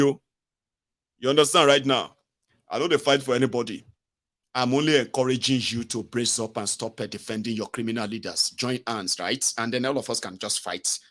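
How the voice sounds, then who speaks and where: A Nigerian-accented man hosts a live political broadcast, talking at a mid pitch. He mocks as he goes and slips between plain English and pidgin. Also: brisk, a bit bright. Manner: mocking, acts out quoted voices, mixes in pidgin. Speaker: host. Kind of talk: live-stream political commentary.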